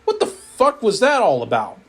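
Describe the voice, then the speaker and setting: Guy narrating a sweary funny creepypasta, deadpan, lively up and down pitch. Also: normal speed. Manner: profane, deadpan storytelling. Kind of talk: comedic horror story narration.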